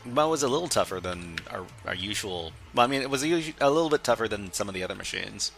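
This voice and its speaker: A man's voice: lowish voice, animated, fast talker, vocal fry, a bit bright, faint music behind. A man hosting a live stream, chatting casually as he works through a hacking exercise, often restarting his phrases. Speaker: stream host.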